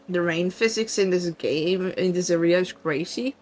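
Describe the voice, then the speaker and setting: A young Swiss woman with a light Swiss English accent chats casually and playfully with viewers during a game stream, teasing them over faint background music. Her fairly low, slightly mellow voice moves at a moderate pace with hardly any pauses.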